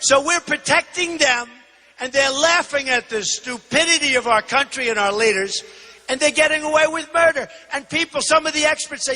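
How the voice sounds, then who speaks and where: A man in his sixties giving an emphatic, repetitive campaign rally speech, often shouting. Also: very high voice, normal speed, in a large hall. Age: 60s. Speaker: political candidate. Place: large indoor arena.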